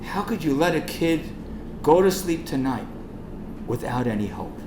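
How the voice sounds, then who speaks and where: A man's voice: on the high side, expressive, moderate pace. Man met gepassioneerde preek in galmende zaal. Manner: impassioned, rising to urgent pleading. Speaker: rabbi speaking at a fundraiser. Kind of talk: storytelling speech and charity appeal. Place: event hall. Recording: echoey hall with faint noise.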